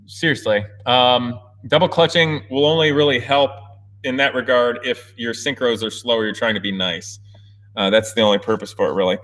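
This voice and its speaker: An American man hosting a casual livestream Q&A from an indoor race shop, talking in an energetic, excitable way and laughing often. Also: mid-range voice, normal speed. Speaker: host.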